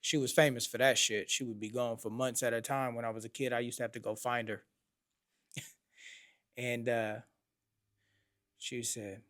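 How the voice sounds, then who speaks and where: A man hosting a podcast, telling a personal story in blunt, profane street slang, his voice rising in pitch and volume when he acts out remembered moments. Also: flat delivery, moderate pace, pauses often, fairly bright tone, no room sound, clean studio sound. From Oakland, California. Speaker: podcast host.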